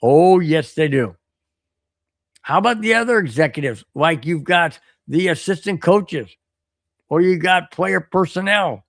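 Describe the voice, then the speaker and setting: A man's voice: on the high side, expressive, measured pace, creaky, no room sound, clean studio sound. A man hosting a sports podcast, giving casual commentary with emphatic rhetorical questions. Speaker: podcast host.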